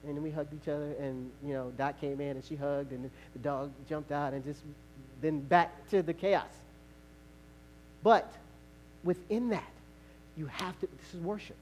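A male pastor preaching a sermon, telling a story in a conversational way with laughter and sudden shouts. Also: on the high side, normal speed, slight background noise.

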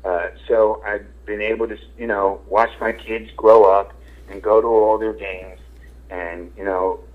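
A man's voice: on the low side, flat delivery, unhurried. A middle-aged man, a radio host and comedian, talking casually and frankly in an interview, rambling with lots of fillers and casual swearing. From Philadelphia. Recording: tinny phone-like radio sound.

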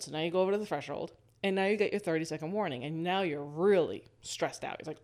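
A woman hosting a casual storytelling monologue, lively, laughing often and walking the listener through a scene. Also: on the low side, a little fast.

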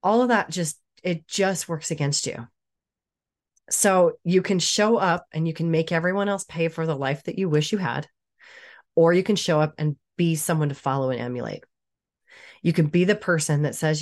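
Blunt motivational woman, lower voice. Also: fairly quick. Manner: blunt, casual, swears, laughs often. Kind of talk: motivational monologue.

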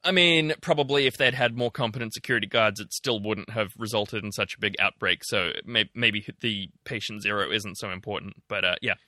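A man co-hosts a podcast, mid-pitched and very bright in tone. He talks through the news casually, with hesitant ums and a dry sarcastic edge. The recording is dry and close. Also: a little fast, hardly any pauses, no echo. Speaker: podcast co-host.

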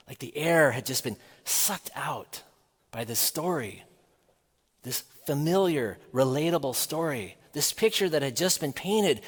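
A man preaching a sermon in a measured, earnest way, asking the listeners rhetorical questions. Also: fairly high pitch, husky, long reverb tail.

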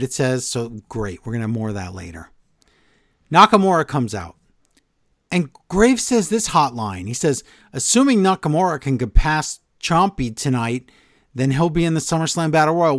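A man co-hosting a podcast talks with animated exasperation in a fairly high voice. His voice is close and dry, with no room sound around it. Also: dry recording. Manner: animated, exasperated ranting with quick asides. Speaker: podcast co-host. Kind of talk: casual wrestling podcast chat.

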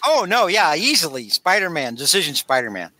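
Bright-voiced man recapping with animation. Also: fairly high pitch, a little fast, no echo. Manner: animated storytelling, acts out characters' lines. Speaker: podcast co-host recapping a comic. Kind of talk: casual chat.

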